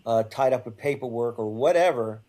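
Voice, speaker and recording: An older man appears as a guest on an interview show and tells a story about himself haltingly, repeating and restarting words. His voice is medium in pitch with a dark tone.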